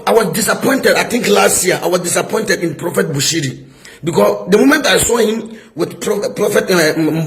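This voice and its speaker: A middle-aged man with a Ghanaian English accent, a prophet scolding a rival in a heated video response, full of rhetorical questions. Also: sits high.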